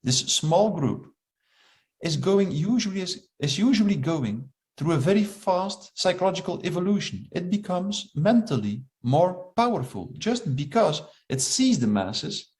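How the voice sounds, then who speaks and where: A man speaking in a measured, deliberate reflective monologue, stretching key phrases. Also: sits high, big pitch swings, darkish tone.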